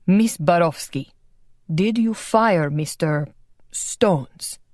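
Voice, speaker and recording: A woman narrator voicing a stern, weary male leader who presides like a judge in a measured, quiet way. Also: on the low side, no echo, clean studio sound.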